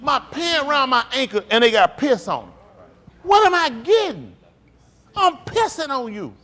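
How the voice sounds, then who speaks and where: A man's voice: very high-pitched, moderate pace. A man preaching a live-streamed sermon in an emphatic, conversational style, drawing call-and-response from his congregation. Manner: animated, swings between quiet and loud.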